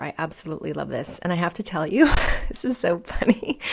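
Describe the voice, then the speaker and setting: An American woman talks straight to her viewers in a casual commentary vlog, seated at home. Her voice is on the low side for a woman, and her chat swings between gushing praise and snark. She keeps it loose and conversational. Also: vocal fry. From United States. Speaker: YouTube commentary host.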